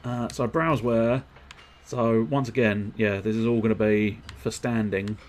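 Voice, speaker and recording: A man's voice: lowish voice, fairly even intonation, measured pace, a little hiss or hum. A man giving casual, jokey, sweary gameplay commentary while muttering to himself. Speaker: game streamer.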